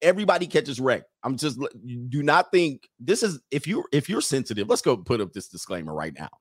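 A man's voice: medium pitch, sing-song, a little fast, husky, no room sound, clean studio sound. A man hosting a livestream who goes on a casual, joking rant, laughs often, talks in loose slang and reads out viewer comments. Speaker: livestream host addressed as Coach.

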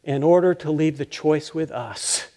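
An older male pastor preaching a conversational, self-deprecating sermon, halting and restarting with light chuckles. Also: on the high side, mellow.

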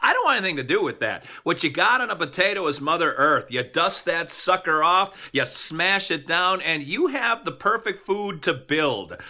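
A man with a high, gravelly voice argues a silly food debate with mock outrage. His bright, edgy tone swoops up and down as he rants. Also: big pitch swings, normal speed, few pauses. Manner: playful, exaggerated and mock-indignant. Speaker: podcast co-host. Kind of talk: comedic debate banter.

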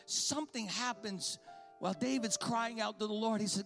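A man's voice: high-pitched, normal speed, gravelly, fairly bright tone, soft background music. A man preaching a sermon with passion, repeating his phrases for emphasis. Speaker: pastor.

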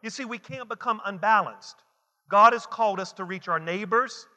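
A man's voice: high voice, normal speed, sharp tone. A male pastor preaching a sermon, driving his points home with repeated phrases and calls for the congregation to answer back. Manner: call-and-response preaching, repetitive and emphatic. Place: church sanctuary. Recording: long hall reverb.

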